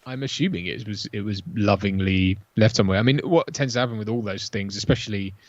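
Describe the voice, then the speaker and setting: A man with a lowish voice talks loosely on a home stream and keeps restarting his thoughts. The sound is dull and lo-fi, like a cheap streaming mic. He is relaxed and jokey. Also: quick pace, no echo. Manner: rambling, restarts often, jokey. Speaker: co-host of a film watch-party stream. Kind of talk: casual chat.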